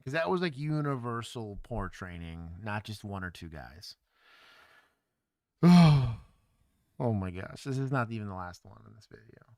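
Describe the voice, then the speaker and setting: Animated man hosting a livestream. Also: on the low side, a little slow, no echo, studio quality. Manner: animated, blunt reactions with laughs. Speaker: former police officer, stream host. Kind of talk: casual livestream commentary.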